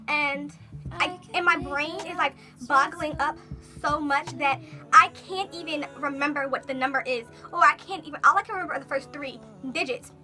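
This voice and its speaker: A young woman vlogger telling a personal story in a casual, animated way, full of fillers and quoted thoughts. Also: high-pitched, faint music behind. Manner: animated, talks fast with many fillers.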